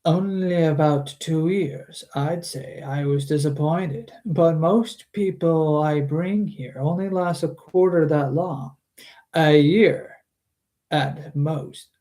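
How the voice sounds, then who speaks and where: A man voicing a mysterious, aloof male trickster god in a slow, grand, faintly old-man voice for a storybook reading. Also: a little high, dark tone. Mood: unimpressed.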